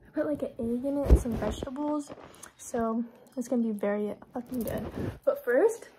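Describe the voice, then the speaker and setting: A woman's voice: on the high side, moderate pace, background noise. Chatty young woman vlogging, swearing a lot. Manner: heavy filler and frequent swearing; drifts into hushed whispers then gets loud and excited. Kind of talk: casual vlog chat. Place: at home and outdoors.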